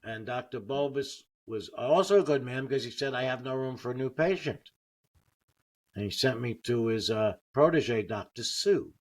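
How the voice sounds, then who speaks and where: A man's voice: medium pitch, moderate pace. An older man, a comedian, telling personal stories casually and acting out what others said. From United States. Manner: animated anecdotes, acting out quotes. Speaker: guest comedian. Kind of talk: casual storytelling.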